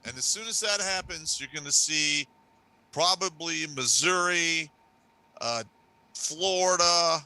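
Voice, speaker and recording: Male livestream co-host, very bright and tense voice, blunt and forceful with his opinions. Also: a little high, slow pace, smooth, rough recording. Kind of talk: casual chat.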